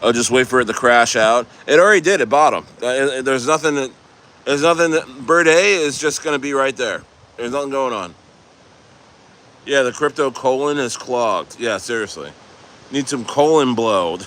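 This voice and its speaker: Livestreaming outdoors near the coast, a man reads out his chat and answers it in a loose, rambling way, laughing often and trailing off mid-sentence. He speaks at medium pitch and moderate pace, with a fairly bright tone.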